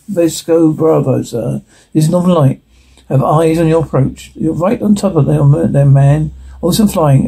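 A man's voice: a little high, mellow, breathy edge. A man reading a TV script aloud on his own, voicing every part and calling out the sound cues, with frequent stumbles and restarts. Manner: reads every part and stage direction in one voice, with stumbles and restarts. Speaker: solo reader voicing all parts and sound cues.

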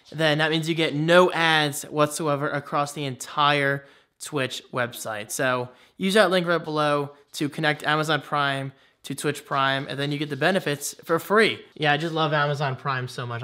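A young man talking casually to his camera while he walks around at night, chatting to viewers and calling his dogs in a high, sing-song voice. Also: pushed and bright. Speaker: vlogger and streamer. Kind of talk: casual vlog talk to camera. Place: outdoors at night in a yard, then indoors at home.

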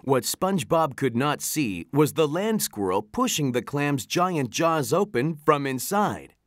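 Animated storybook narrator. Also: medium pitch, unhurried, no echo, studio quality. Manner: animated, expressive reading. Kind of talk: storybook read-aloud.

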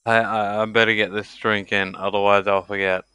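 A young man streaming a game live, tipsy from drinking, exasperated and swearing with loud outbursts. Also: fairly low pitch, level tone, normal speed, smooth.

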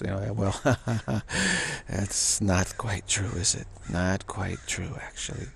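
A man's voice: sits low, fairly even intonation, takes it slowly, creaky, a little hiss or hum. A man giving a rambling, reflective spiritual talk, repeating himself and acting out the voices of people he quotes. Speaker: spiritual speaker.

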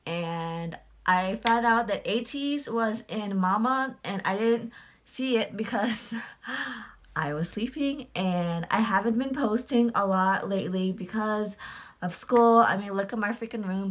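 A woman's voice: medium pitch, unhurried. A woman vlogging from her bedroom in a casual reaction video, chatty and swearing freely. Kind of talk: casual fan reaction vlog. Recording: pop music playing behind the voice. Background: pop music.

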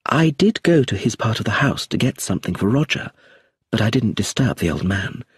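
A man voicing a quiet, reserved middle-aged woman. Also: fairly low pitch, sing-song, brisk, husky, no echo, studio quality, full character voice. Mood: calm. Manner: quiet and restrained.

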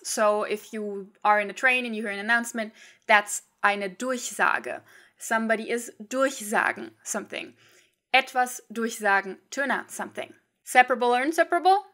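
A young woman with a slightly high, bright, forceful voice talks through a language lesson. Her delivery is chatty and lively, full of quick asides to the viewer. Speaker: language teacher. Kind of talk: casual video lesson.

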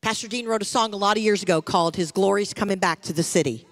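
A woman's voice: medium pitch, fast talker. A middle-aged woman pastor preaching a sermon with rising fervor to her church. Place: church sanctuary.

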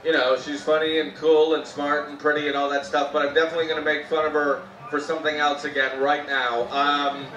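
A Canadian man performing a live stand-up set, telling animated stories about his wife and jumping into sudden high-pitched shouts when he mimics her. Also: a little fast, hardly any pauses, highs cut off, slight background noise. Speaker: stand-up comedian. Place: outdoor festival comedy tent. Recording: roomy live sound from a distance. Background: audience laughter and faint music.

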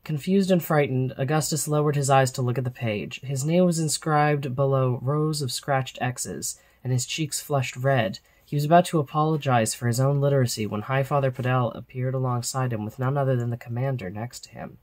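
A man reading a children's book aloud as a storyteller, with steady, expressive narration. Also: mid-range voice, moderate pace, few pauses.

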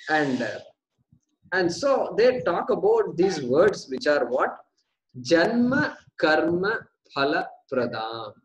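Man teaching verses in class, pitched somewhat high. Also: low-quality recording. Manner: breaks Sanskrit terms down word by word, repeating them; asks questions and answers them himself. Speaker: scripture teacher.

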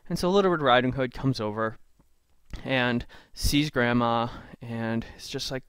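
A man's voice: medium pitch, moderate pace, fairly bright tone, clear, resonant tone, dry recording. A man retelling a fairy tale in a chatty, playful way, full of asides, recorded on a computer mic. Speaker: storyteller. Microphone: screen recording with a computer mic.

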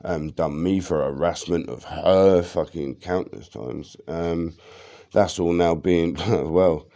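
Low, slow rambling man. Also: gravelly, mellow, highs cut off. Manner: rambling, heavy swearing, many fillers. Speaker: vlogger. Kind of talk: rambling personal monologue.

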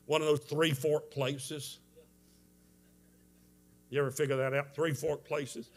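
A man preaching a revival sermon, telling a story with strong emotion, moving from hushed tones to shouts. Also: a little high, flat delivery, slow pace. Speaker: evangelist preacher.

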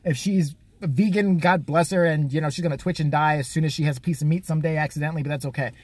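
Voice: mid-range voice, steady tone, a little mellow, husky, no room sound. A vlogger delivering a crude, mocking, profane comedic rant. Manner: crude, mocking, fast-talking.

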